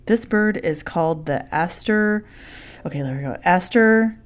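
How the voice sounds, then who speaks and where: A woman co-hosting a podcast in casual, relaxed chat, often soft-spoken. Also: lowish voice, a little slow. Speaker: podcast co-host.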